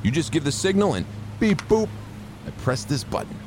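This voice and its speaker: A man's voice: a little high, sing-song, a little fast, noisy background, pitched above the performer's own voice. A man voicing a goofy, overeager male sidekick with dopey, bouncy delivery.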